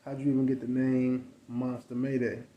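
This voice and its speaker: Flat-voiced laid-back male interviewer. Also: mid-range voice, moderate pace, highs cut off. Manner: laid-back, hesitant with fillers. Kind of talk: casual interview questions.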